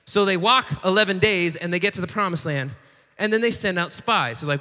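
A young man giving a casual, joking sermon, acting out the quotes in a lively storytelling way. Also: high-pitched, a little fast. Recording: long reverb of a large hall.

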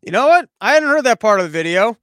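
A man's voice: high voice, big pitch swings, fast talker, a bit bright, dry recording. An American man hosting a commentary show, ranting in a rambling, profane, sarcastic way.

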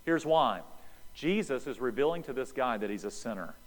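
A man's voice: medium pitch, normal speed, big-room sound, poor audio. An American man preaching a sermon, acting out the voices in a Bible story as he explains it. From United States. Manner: animated preaching, acts out dialogue. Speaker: pastor.

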